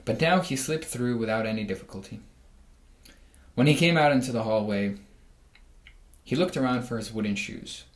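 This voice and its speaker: A man reading a children's storybook aloud, giving the animals lively voices. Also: medium pitch, normal speed, long pauses, echoey room.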